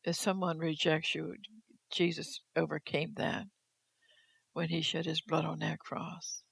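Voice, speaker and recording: Gravelly, flat-voiced preacher giving a sermon. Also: medium pitch, measured pace, no room sound. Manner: addresses listeners directly, repeats phrases for emphasis.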